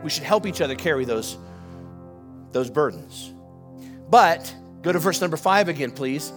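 Pastor guy preaching, kinda high voice, gets pumped, quiet music behind. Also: moderate pace. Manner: animated preaching with rising emphasis. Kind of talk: sermon. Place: church.

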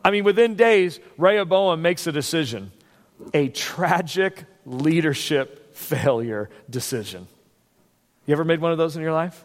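A male pastor preaching a sermon in a conversational, animated way, with frequent restarts and asides. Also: on the high side, a little slow. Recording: long hall reverb.

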